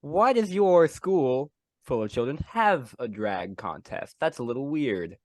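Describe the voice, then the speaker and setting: Male player, mid pitch, blunt and sweary, dry sound. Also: sing-song, a little slow, dry recording. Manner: blunt, profane, joking. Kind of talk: playing a tabletop game.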